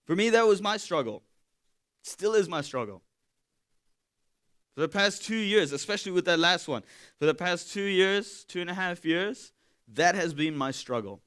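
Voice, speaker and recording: A man giving a sermon in a candid, conversational way, swinging from loud to hushed. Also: sits high, animated, moderate pace, long pauses, clean tone. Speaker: pastor.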